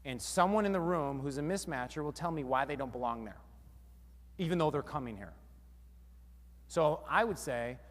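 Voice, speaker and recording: A fairly high-voiced man gives an energetic live seminar talk, firing questions at the crowd. His voice carries a long reverb from a large hall. He talks in a casual, punchy way. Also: normal speed, long pauses. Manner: energetic, quizzes the audience. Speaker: seminar speaker.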